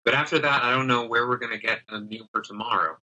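A man's voice: medium pitch, fairly even intonation, fast talker, pushed and bright, rough recording. A man voicing a worried young woman in a tabletop game, in close to his own voice.

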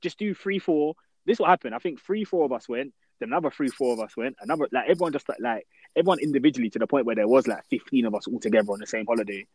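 A young man, rattling through his stories quickly in slangy, animated banter. His voice sits at a middle pitch. The sound is close and dry. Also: slightly rough, dry recording, low-quality recording. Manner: animated, slangy, mock-outraged retellings. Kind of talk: casual chat.

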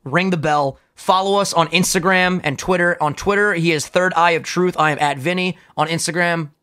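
A young man co-hosting a casual podcast, loud, profane and hyped. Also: a little high, fairly even intonation, moderate pace, clear, resonant tone. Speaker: podcast co-host.

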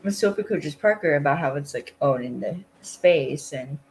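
Low-voiced woman with lively pitch. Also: normal speed, slight background noise, rough recording. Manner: relaxed, chatty, laughs often. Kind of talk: casual chat, recapping an episode.

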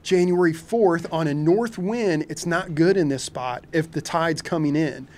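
Charter captain, man from Kentucky, chatty guest who laughs a lot, slightly high voice. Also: measured pace. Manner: animated, laughs often, frequent restarts and filler. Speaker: shark fishing charter captain, podcast guest. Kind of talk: casual storytelling.

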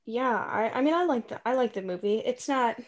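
A woman's voice: on the high side, animated, brisk, lo-fi sound. Woman co-host, casual movie chat, playful and rambling. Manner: chatty, playful, many likes and restarts.

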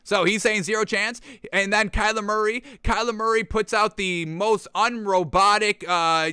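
A man talks through sports news on his own show in a loose, sarcastic, chatty way, often speaking straight to his listeners. His voice sits high and sounds bright and crisp. The recording is dry and close, with no room sound. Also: steady tone, moderate pace, dry recording. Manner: sarcastic, mocks officials with put-on quotes; conversational, addresses listeners as folks and y'all. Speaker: sports commentary host. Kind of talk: solo sports commentary.

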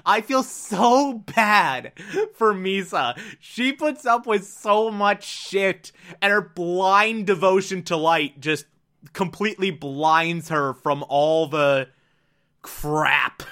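A man's voice: high voice, slow pace, sharp tone. A man casually recapping an anime, rambling with laughs and acting out the characters' lines.

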